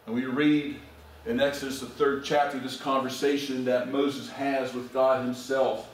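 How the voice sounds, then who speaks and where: A man's voice: medium pitch, little pitch movement, unhurried, slight background noise. A male pastor preaching a sermon to his congregation, asking them direct questions. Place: church sanctuary. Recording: very echoey church recording from far off.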